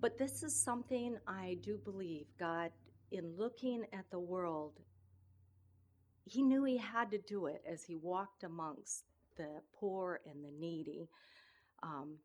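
A woman giving an informal sermon, earnest and emotional, speaking in halting phrases with many restarts between scripture readings. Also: on the low side. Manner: earnest and emotional, often tearful in tone. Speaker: speaker sharing a devotional message.

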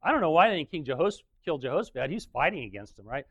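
A man's voice: fairly high pitch, sing-song, fast, a bit bright, husky, no room sound, highs cut off. A man preaching in a casual, joking way, retelling a story with frequent chuckles.

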